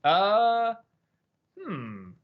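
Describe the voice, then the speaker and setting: A man's voice: high-pitched, huge pitch swings, very slow, highs cut off. A man hosting a casual livestream Q&A, rambling and hesitant with lots of fillers. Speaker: host.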